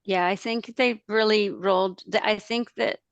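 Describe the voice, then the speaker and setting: A woman's voice: mid-range voice, fairly even intonation, moderate pace, gravelly, dry recording, muffled recording. A woman language instructor talking through ideas in a webinar discussion, with many fillers and restarts, over a video call. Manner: hesitant, lots of fillers and restarts.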